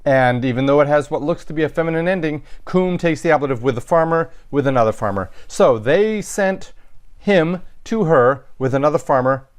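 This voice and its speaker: A man with a voice on the high side teaches Latin at a normal speed in a recorded lecture. He breaks down sentences methodically, step by step, with some fillers and self-corrections along the way.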